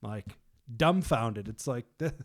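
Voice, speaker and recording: A young man leading a casual Bible discussion, retelling the story with animated voices and laughs. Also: mid-range voice, takes it slowly. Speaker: Bible study leader.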